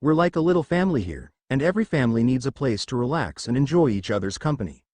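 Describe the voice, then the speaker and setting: A man reading the lines of an enthusiastic young girl in a storybook narration, quick and eager. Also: medium pitch, very animated, a little mellow.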